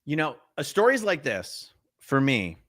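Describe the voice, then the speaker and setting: A man hosting an interview, reacting to his guest and then giving his own strong opinions in a lively, conversational way. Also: fairly high pitch, unhurried. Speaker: interview host. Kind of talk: casual interview chat.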